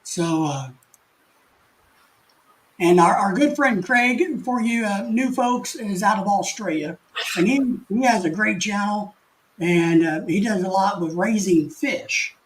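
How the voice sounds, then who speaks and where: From his home, an older, fairly high-voiced man runs a relaxed live stream and takes his time reading out viewer comments. He rambles folksily, chuckling and starting sentences over, and the audio quality is poor.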